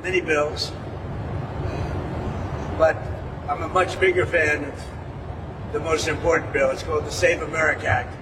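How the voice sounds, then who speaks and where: A man's voice: fairly high pitch, fairly even intonation, moderate pace, long pauses. A man making rambling, repetitive off-the-cuff remarks as a politician. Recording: distant mic with vehicle noise.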